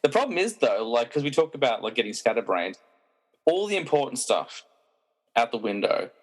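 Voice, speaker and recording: A man's voice: medium pitch, very animated, moderate pace, rough recording. A man hosting a podcast, chatting casually, rambling with restarts and laughing often. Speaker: podcast host. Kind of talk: casual chat.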